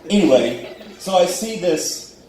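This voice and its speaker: A man's voice: lively intonation, a little slow, darkish tone. A young man performing a self-deprecating stand-up comedy set on a club stage. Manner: self-deprecating, acts out dialogue in high squeaky voices. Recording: roomy club audio from far off.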